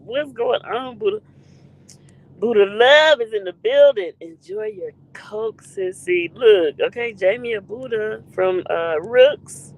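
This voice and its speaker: Lively woman greeting her stream chat. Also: on the high side, slow pace, highs cut off. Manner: greets chat viewers by name, playful. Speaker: live stream host. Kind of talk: casual live stream chat.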